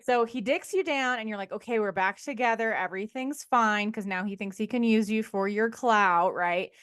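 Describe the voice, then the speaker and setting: A woman's voice: medium pitch, moderate pace, a bit bright, clear, resonant tone, dry recording, studio quality. A woman co-hosting a podcast who asks eager questions and recaps the guest's story. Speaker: co-host. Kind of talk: casual podcast chat.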